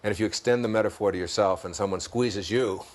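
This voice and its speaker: A man with a Detroit accent, an interview guest reflecting on spiritual ideas, telling stories, chuckling often and slowing down for key points. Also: fairly low pitch.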